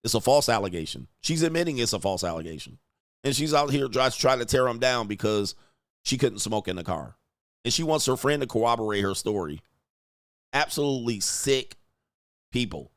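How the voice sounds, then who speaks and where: A man's voice: medium pitch, expressive, moderate pace, dry recording. Blunt crude male streamer, dry mic. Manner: blunt, crude, laughing often. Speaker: streamer commentator. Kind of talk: reaction commentary on a clip.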